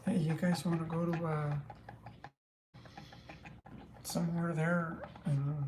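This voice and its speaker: A woman's voice: deep voice, flat delivery, normal speed, echoey room, background noise. A woman who drives a truck, chatting casually and rambling with frequent laughs. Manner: chatty, meandering, laughs often.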